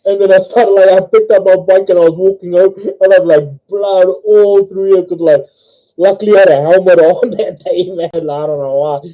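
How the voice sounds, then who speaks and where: Young NZ-accented man, stream host, a bit high-pitched, laughs at his own jokes; dull home-mic audio. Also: steady tone, normal speed. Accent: New Zealand. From New Zealand. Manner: giggly, laughs through his own jokes, squeaky voices for characters. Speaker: livestream host. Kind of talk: casual livestream chat and joke telling.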